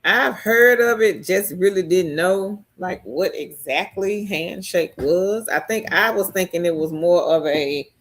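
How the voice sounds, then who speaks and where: A woman hosting a casual live stream, reading viewer comments aloud and answering them in a chatty way, her pitch jumping high when she gets excited. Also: measured pace, few pauses, slight background noise.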